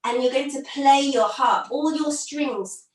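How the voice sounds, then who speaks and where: A woman with a high voice leads children through a yoga story at an unhurried pace, animated and full of gasps and cheerful encouragement. She speaks over a video call, and the sound is roomy and distant from the mic. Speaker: kids' yoga teacher.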